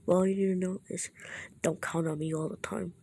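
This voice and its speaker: A woman's voice: lowish voice, steady tone, brisk, vocal fry, warm tone, slightly rough. A woman voicing a scornful fox spirit in whispered role-play, cold and contemptuous.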